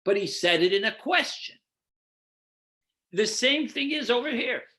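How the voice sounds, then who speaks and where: A man teaches a Torah class with a bright, clear tone and a very animated pitch that rises and falls. He speaks slowly and deliberately. He poses rhetorical questions, answers them himself, and points his listeners to numbered texts. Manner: guides listeners through numbered source texts. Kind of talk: explanatory lecture.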